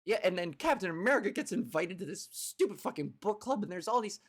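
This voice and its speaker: A woman in her thirties hosting a comedy podcast, ranting in an animated, exasperated, profane way. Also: medium pitch, quick pace. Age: 30s.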